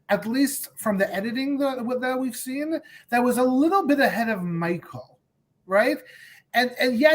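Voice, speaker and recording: A woman co-hosting a casual fan recap chat, enthusiastic and often repeating words as she starts a thought. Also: on the high side. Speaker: podcast co-host.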